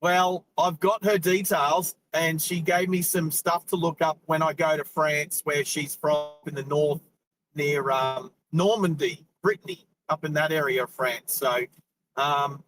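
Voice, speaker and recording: A talkative Australian man in middle age, his voice sitting high as he rambles along. He hosts a live stream while driving and chats loosely, laughing often. Faint car noise hums behind him. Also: fairly even intonation, measured pace, fairly bright tone, poor audio. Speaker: host. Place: inside a car.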